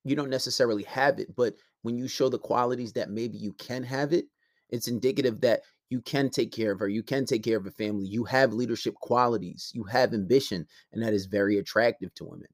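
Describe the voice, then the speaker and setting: A man's voice: medium pitch, brisk. A male podcast host giving casual advice to listeners in a rambling, self-correcting way.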